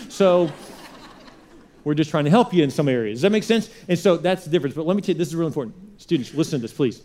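High-voiced man preaching a sermon. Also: animated, fast talker, mellow. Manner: conversational preaching, repeats rhetorical questions. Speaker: pastor.

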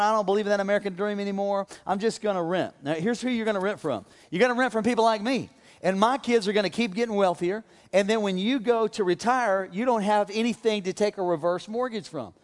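A middle-aged male pastor preaching with humor, speaking directly to a large congregation in a church. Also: sits high. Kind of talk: sermon. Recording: long hall reverb.

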